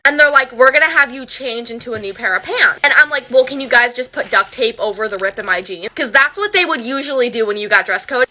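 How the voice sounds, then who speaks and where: A woman's voice: a little high, pushed and bright, a little hiss or hum. A young woman chatting through a dramatic personal story, calling the listener honey. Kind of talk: casual storytime monologue.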